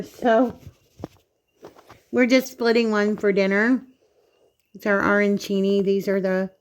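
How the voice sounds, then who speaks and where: A woman's voice: medium pitch, a little mellow. A woman hosting a casual home cooking vlog in her kitchen, chatting straight to viewers as she cuts food open and tastes it.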